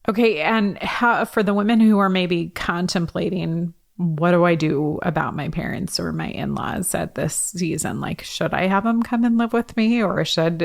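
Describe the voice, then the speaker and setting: A woman's voice: lowish voice, vocal fry. A woman hosting a podcast interview, affirming and encouraging, with frequent murmured agreement. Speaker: podcast host. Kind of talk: interview conversation.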